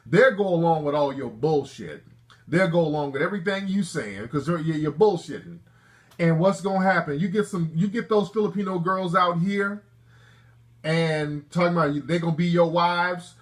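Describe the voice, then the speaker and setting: A man with a voice on the high side hosts a call-in talk show at normal speed. Brash and joking, he banters in street slang and lectures his callers.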